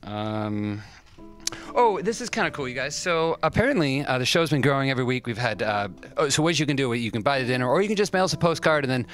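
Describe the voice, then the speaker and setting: A man's voice: mid-range voice, lively intonation, a bit bright. Rambling man hosting over background music. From US West Coast. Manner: rambling, halting, self-deprecating, with many fillers. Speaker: livestream host. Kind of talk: casual livestream hosting, reading fan mail. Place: restaurant.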